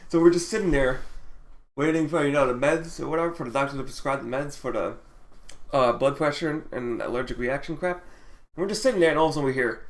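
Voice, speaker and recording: A male vlogger with a slightly raised pitch, spinning a loose, rambling story. He talks casually and swears freely, breaking into laughter often. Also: fairly bright tone.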